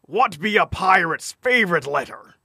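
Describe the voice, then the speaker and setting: A man's voice: high-pitched, expressive, normal speed, gravelly, bright, forceful tone, husky, no room sound, studio quality, pitched above the performer's own voice, exaggerated voice. A man doing a jokey pirate voice to tell a pun. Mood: playful.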